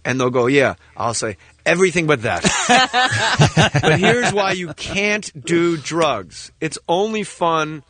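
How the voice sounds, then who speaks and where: A man's voice: on the high side, animated, slow pace, fairly bright tone, no room sound. A man telling rambling, jokey stories in a casual radio show chat. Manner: rambling storyteller with big acted-out bits.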